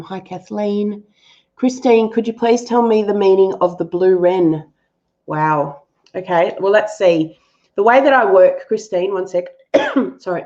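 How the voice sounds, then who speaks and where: A woman's voice: medium pitch, dark tone, muffled recording. A woman hosting a live-stream animal reading and answering viewers, affectionate and thinking aloud with fillers.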